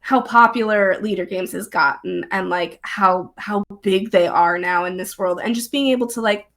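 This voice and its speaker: A young woman chatting casually as a guest, bubbly and excitable, with many fillers and frequent laughs. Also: mid-range voice, moderate pace. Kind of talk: casual chat. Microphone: streamed live remote talk.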